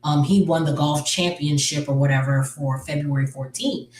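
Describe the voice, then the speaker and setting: A woman's voice: deep voice, steady tone, moderate pace, darkish tone. A woman casually retelling a movie's story, rambling with lots of fillers and self-corrections. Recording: roomy, distant mic.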